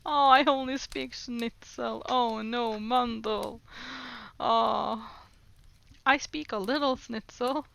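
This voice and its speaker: A woman's voice: on the high side, fairly even intonation, slow, gravelly, fairly bright tone. A woman streaming herself practicing on a language app, native Norwegian speaker, giggling often and joking with her chat. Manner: giggly, self-mocking, chats with viewers. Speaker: livestreamer. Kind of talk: casual livestream chat while playing a language app.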